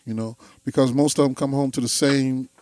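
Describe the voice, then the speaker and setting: A man's voice: mid-range voice, brisk, dry recording. A man telling stories in a casual chat, acting out the people in them. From Chicago. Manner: animated storyteller, acts out voices.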